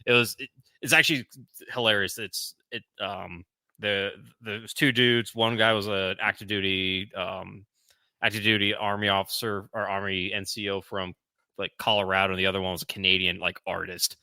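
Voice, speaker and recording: A man with a fairly low, bright, forceful voice hosts a casual podcast. He jokes around and rambles into asides, and the sound is dry and close. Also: flat delivery, no echo. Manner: joking, rambling, quick asides. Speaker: podcast host.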